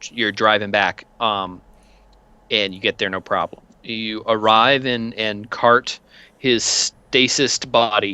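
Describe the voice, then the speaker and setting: Guy game-mastering a tabletop rpg, bright voice, lots of ums and restarts. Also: on the low side, smooth, no echo. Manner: chatty, halting with fillers and restarts.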